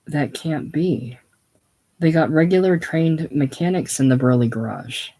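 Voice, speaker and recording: Reader playing a worried young mechanic guy, pleading, slow steady read. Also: mid-range voice. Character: young man, anxious earnest mechanic. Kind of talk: casual play reading.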